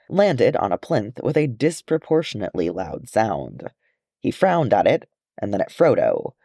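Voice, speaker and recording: Low-voiced guy reading a story, really lively delivery. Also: creaky, dry recording, studio quality. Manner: expressive storytelling with lively pitch. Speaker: audiobook reader. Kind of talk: fan fiction audiobook narration.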